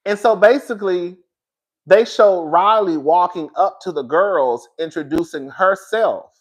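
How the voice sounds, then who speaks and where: A high-voiced man keeps a measured pace while dishing on a reality show directly to his audience. His storytelling is lively and dramatic, with emphatic repeats, plenty of swearing, and listeners called "girl."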